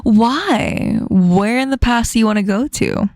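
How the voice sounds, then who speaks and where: A woman hosting a casual stream chat, playful and quick to laugh, asking her guest questions. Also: mid-range voice, a little mellow, dry recording, studio quality. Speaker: streamer host.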